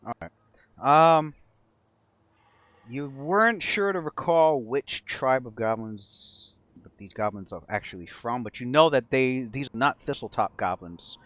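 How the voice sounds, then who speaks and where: A man's voice: medium pitch, expressive, unhurried, fairly bright tone, dry recording, lo-fi sound. A man narrating a tabletop game as game master, in a rambling way with many restarts. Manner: rambling, full of fillers and restarts.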